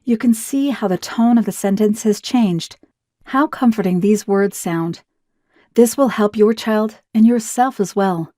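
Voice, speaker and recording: A woman reading a scripted promotional narration in a smooth, even, persuasive way. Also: mid-range voice, a little slow, no room sound, studio quality.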